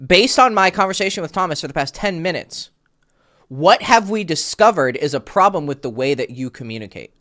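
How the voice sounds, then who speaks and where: A male dating coach speaks in a slightly high, very lively voice that rises and falls a lot. He is blunt and casual, swears freely, and keeps pushing his client to spell out the point himself. The sound comes over a video call. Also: fairly quick.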